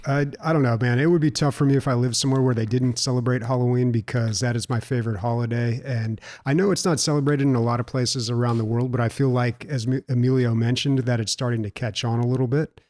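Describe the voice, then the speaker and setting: A man co-hosting a gaming podcast in a low-key, dry way of talking, reading listener questions out in turn. His voice sits at an ordinary middle pitch. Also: fairly even intonation, fast talker, hardly any pauses, a little mellow. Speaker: podcast co-host. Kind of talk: casual chat.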